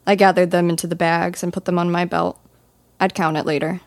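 A woman's voice: fairly low pitch, little pitch movement, brisk, no room sound. A woman narrating a first-person fantasy audiobook in a dry, wry storytelling manner.

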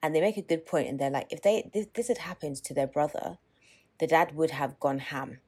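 A woman co-hosting a podcast, recapping a documentary in casual chat, animated and swearing freely. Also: deep voice, fairly quick, husky. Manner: animated, swearing, acts out quotes. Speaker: podcast co-host.

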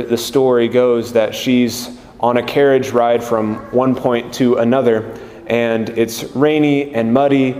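A male priest giving a slow, gentle, earnest homily. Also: mid-range voice, a little hiss or hum. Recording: echoey room with long reverb.

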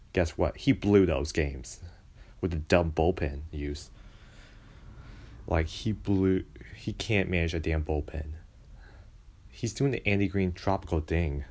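A man with an extremely deep, low voice rants casually about baseball. He sounds exasperated and mocking, complaining at length. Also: a little slow, a little mellow. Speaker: baseball fan commentator. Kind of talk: casual sports rant.

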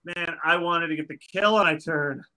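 A man's voice: fairly high pitch, normal speed, sharp tone. A young man playing a tabletop game, rowdy and jokey, swearing now and then. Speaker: player. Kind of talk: casual tabletop game chat. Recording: audible background noise.

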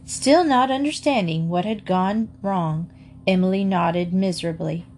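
A woman narrating a children's chapter book in a clear, steady storytelling voice. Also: lowish voice, a little slow, a little hiss or hum. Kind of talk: storybook read-aloud.

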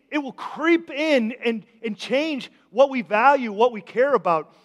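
Pastor guy preaching, fairly high voice, lots of questions to the crowd, long church echo. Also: fairly bright tone. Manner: conversational preaching with rhetorical questions and repeated words. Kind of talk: sermon. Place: church sanctuary. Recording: long church hall reverb.

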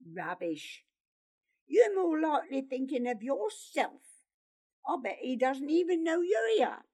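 A woman's voice: high voice, sing-song, slow pace, mellow, pitched above the performer's own voice, full character voice. A woman voicing an angry, distrustful boy who sneers and accuses. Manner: scornful, sneering.

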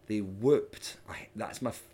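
A young Scottish man with a fairly low voice talks in a relaxed, chatty way. He tells stories with lively swings in pitch and bursts of loud mimicry. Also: a little slow. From Scotland. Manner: animated storyteller, mimics hecklers with loud sudden shouts. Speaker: stand-up comedian, guest. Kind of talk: casual podcast chat.

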